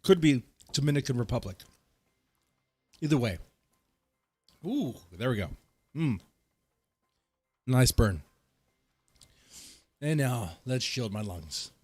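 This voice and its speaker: A man's voice: mid-range voice, very animated, slow, pauses often, darkish tone, husky, no room sound. A man hosting his own vlog, rambling and joking through a casual rant with a stuffed-up nose, short of breath, coughing and sighing in his home garage studio. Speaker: vlogger host. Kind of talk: casual ranting storytime.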